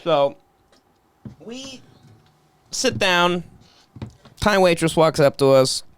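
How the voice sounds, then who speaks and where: A man's voice: high voice, extremely slow, clear, resonant tone. A man hosting a podcast, telling a story in casual chat and mimicking the people in it. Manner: animated, laughing, mimics voices. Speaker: podcast host.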